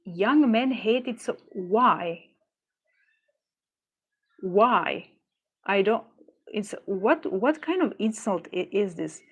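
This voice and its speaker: Making jewelry at her desk, a woman rambles to viewers and drifts onto tangents, talking herself down when she gets frustrated. Her mid-range voice is expressive and slightly rough, slow with long pauses, and the recording's highs are cut off.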